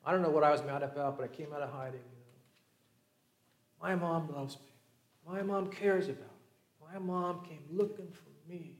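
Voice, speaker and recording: High-voiced man preaching in an echoey room. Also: normal speed, pauses often. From Southern California. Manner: storytelling, acting out voices, shifts from lively to hushed. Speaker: pastor. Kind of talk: sermon.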